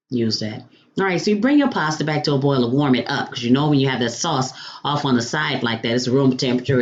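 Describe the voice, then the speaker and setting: A woman with a very deep voice hosts a home cooking demonstration, chatty and playful, calling her viewers honey and baby and letting out playful food exclamations. The sound is lo-fi.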